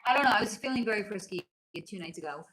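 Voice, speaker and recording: A woman's voice: mid-range voice, expressive, quick pace, roomy sound, noisy background. A woman hosting a casual livestream from home, chatting playfully with viewers, teasing them and laughing often. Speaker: livestream host and spiritual reader. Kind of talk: casual livestream chat, answering viewer comments. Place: at home with her child nearby.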